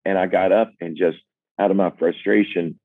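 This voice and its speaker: Low-voiced older man, phone-thin and dry. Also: fairly even intonation, no echo. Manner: earnest and reflective, self-deprecating, halting restarts. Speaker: singer-songwriter guest. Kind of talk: candid personal storytelling. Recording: dry, phone-like narrow sound.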